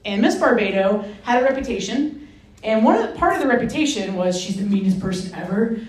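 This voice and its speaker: A woman from Rhode Island, a Franciscan sister, telling a personal story as a guest speaker, lively and self-mocking, acting out the voices in her story. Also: mid-range voice, brisk. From Rhode Island, USA. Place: hall with an audience. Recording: roomy echo.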